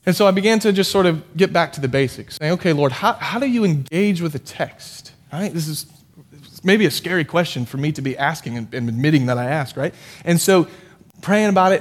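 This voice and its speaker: A man delivers a sermon to his congregation in a relaxed, talkative way. His voice sits a little high for a man. He jokes at his own expense and often restarts his sentences. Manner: conversational, self-deprecating, with frequent restarts. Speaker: pastor.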